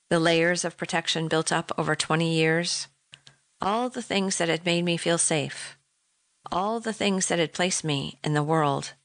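Middle-aged woman, measured and reflective memoir reader, deep voice, dry studio sound. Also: a bit bright, no room sound. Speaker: narrator. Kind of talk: audiobook memoir narration.

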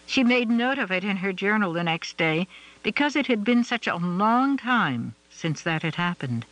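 A man reading a novel aloud in a measured, even storytelling manner. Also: high voice, low-quality recording. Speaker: audiobook narrator. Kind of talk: scripted narration.

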